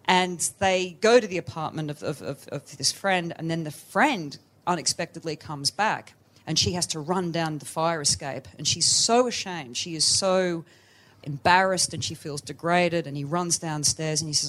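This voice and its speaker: A woman guest on a live podcast, telling a film story with lively energy and acting out clipped, old-fashioned dialogue. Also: low voice, moderate pace. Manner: animated storytelling, acts out film lines in clipped old British voices. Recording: live stage mic.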